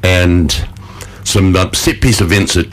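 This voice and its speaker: A man with a low voice, chatting casually on a radio show. He is joking and easygoing and laughs often, with plenty of fillers. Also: slow. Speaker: radio host.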